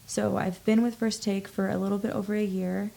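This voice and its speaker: A woman's voice: mid-range voice, flat delivery, a little fast, creaky, dark tone. A young woman guest on a podcast, an actor, talking thoughtfully and agreeably, sometimes drawing her words out. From United States. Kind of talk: casual interview chat.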